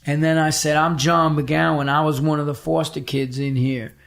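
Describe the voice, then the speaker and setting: A man's voice: a little high, moderate pace, vocal fry. A middle-aged man, a podcast guest telling a story in conversation, swearing freely and acting out the voices of the people he quotes. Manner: profane, animated, acts out quoted voices.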